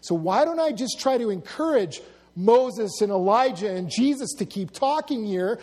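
A man's voice: high-pitched, animated, unhurried, darkish tone. A man giving a casual Bible teaching, musing aloud with asides and acted-out quotes.

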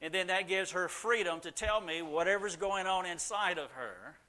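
A middle-aged man telling stories to a live audience, animated, and loud when he acts out how his family talked. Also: sits high, normal speed. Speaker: speaker answering audience questions. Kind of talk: casual talk to a live audience.

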